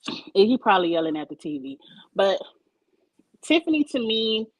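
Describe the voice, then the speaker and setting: A woman's voice: medium pitch, big pitch swings, normal speed, dry recording, low-quality recording. Woman cohost, chatty and opinionated, slangy, dry close mic. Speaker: podcast co-host. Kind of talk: casual reality-TV chat. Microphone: desk mic.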